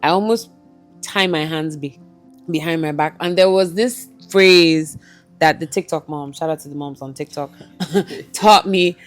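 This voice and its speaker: Mom hosting a podcast, chatty and lively, a bit low voice, light music behind. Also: female voice, a little slow. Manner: lively, chatty, tells stories with laughter. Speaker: podcast host, mother. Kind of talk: casual podcast chat.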